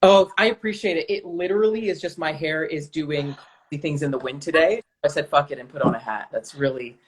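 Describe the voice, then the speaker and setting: A man's voice: fairly high pitch, fairly quick, background noise. A man who is a guest on a live-stream chat, talking casually and hedging as he goes.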